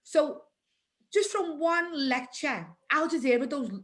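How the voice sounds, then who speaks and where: A woman's voice: high voice, slow pace, fairly bright tone. A woman in her forties with a Liverpool accent, a guest in a conversational interview, speaking emphatically and repeating phrases for stress. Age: 40s.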